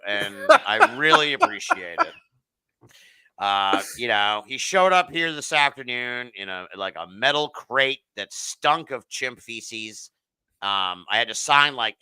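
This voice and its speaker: A man's voice: medium pitch, pushed and bright, smooth, dry recording. A man hosting a live podcast, chatting casually about election results, swearing freely and reading chat comments aloud. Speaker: podcast host.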